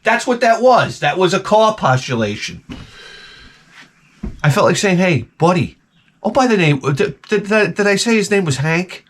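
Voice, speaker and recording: A man's voice: high voice, very animated, normal speed. A middle-aged man ranting sarcastically through a casual story, mimicking the people in it. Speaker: vlogger.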